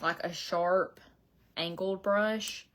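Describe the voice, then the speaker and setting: Her voice fairly low and a bit bright, a middle-aged woman with a Southern Georgia accent rambles casually with frequent laughs as she does her makeup indoors. She's a beauty vlogger from Southeast Georgia, USA, filming in her home beauty room, speaking slowly with fairly even intonation.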